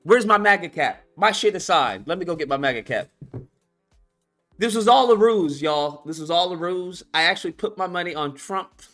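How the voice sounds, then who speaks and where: A man hosting a live stream, reacting with animated, profane talk and sudden shouted outbursts. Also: high voice, normal speed, soft background music. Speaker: streamer host.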